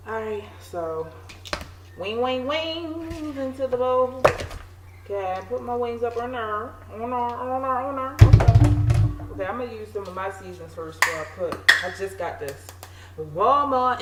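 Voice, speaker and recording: A woman chats and jokes at her own expense while she cooks, talking straight to camera in a relaxed, self-mocking way. The sound is an echoey home kitchen with steady background noise. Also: lowish voice. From Maryland. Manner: chatty, joking, self-mocking. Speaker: home cooking vlogger. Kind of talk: casual cooking chat to camera.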